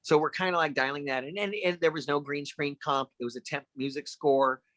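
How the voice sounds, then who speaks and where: A middle-aged man, a guest actor, telling anecdotes in a casual podcast chat and acting out the lines of the people in them with lively energy. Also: a little high, fairly quick, dry recording. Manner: animated anecdotes with lively acted-out quotes.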